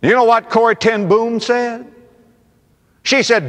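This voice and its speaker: An older male pastor preaching a sermon, emphatic, calling listeners "friend" and dropping from loud to hushed. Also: very high-pitched, slow, pauses often. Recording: echoey hall reverb.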